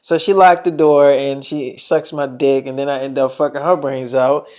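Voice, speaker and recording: A man's voice: mid-range voice, fairly even intonation, moderate pace, a little mellow. A man telling a rambling, profane first-person story full of restarts.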